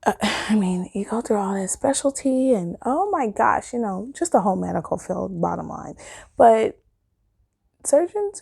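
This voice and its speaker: A woman telling a personal story in a casual vlog, acting out what people said with big jumps in her voice and frequent laughter. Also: creaky. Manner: animated, acts out quotes with big pitch jumps, laughs often.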